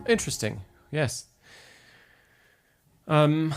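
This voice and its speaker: A man's voice: medium pitch, lively intonation, moderate pace. Man, piano teacher, encouraging, sings phrases, piano playing behind. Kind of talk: live-streamed piano lesson feedback. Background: piano music.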